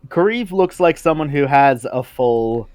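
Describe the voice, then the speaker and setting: A game master who narrates a tabletop game in an unhurried way. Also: medium pitch, expressive, crowd noise.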